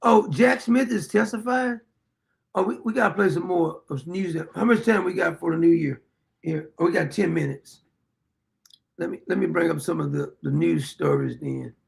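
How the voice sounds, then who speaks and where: A man's voice: high-pitched, normal speed, gravelly. A man hosting a livestream who laughs, exclaims and mocks the clips he plays. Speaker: livestream host. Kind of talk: mocking livestream commentary.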